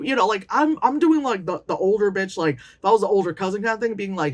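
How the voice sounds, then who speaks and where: A woman in her late thirties giving a casual, profane movie review, animated and often mocking characters in put-on voices. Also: mid-range voice, brisk, few pauses, slight background noise. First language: Chinese. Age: late 30s.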